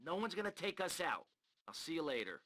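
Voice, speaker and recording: A curt crime boss answers his callers with short, dry remarks in a crime game. His voice is bright and a touch high. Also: sing-song, a little fast, heavily acted. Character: curt, dry-witted male criminal boss. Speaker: game protagonist.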